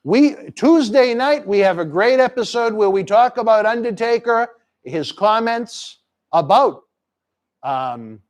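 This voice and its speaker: A high-voiced man hosts a live chat stream with brash energy. He plugs upcoming shows in quick promotional patter and slips into crude teasing. His tone is loud and playful. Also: animated. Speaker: host.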